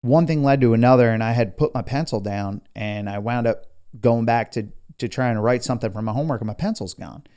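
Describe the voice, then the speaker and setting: Relaxed male podcast co-host with a mellow, low-key voice who spins easygoing anecdotes. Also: a little fast, clear, resonant tone. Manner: laid-back storyteller, says dude and man. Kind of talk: casual podcast chat.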